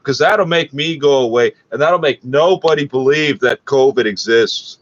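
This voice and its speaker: A man's voice: medium pitch, moderate pace, hardly any pauses, no echo. A man from Canada, hosting a podcast, rants angrily and sarcastically at a local radio broadcast, swearing constantly and mocking what he hears. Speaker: podcast host reacting to radio. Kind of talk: angry profane rant. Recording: dull lo-fi recording.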